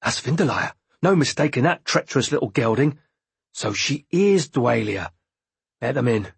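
A man voicing a gruff, dismissive male castle guard in an audiobook. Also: medium pitch, lively intonation, moderate pace, dry recording, exaggerated voice.

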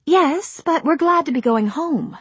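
A woman's voice: sits high, lively intonation, unhurried, fairly bright tone, no room sound, voice pushed up. A woman voicing a poised, polite young actress with a composed manner.

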